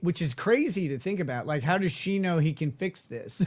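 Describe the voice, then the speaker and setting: A man's voice: fairly high pitch, expressive, normal speed, few pauses. A man hosting a livestream, chatting casually, joking and swearing irreverently. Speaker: host.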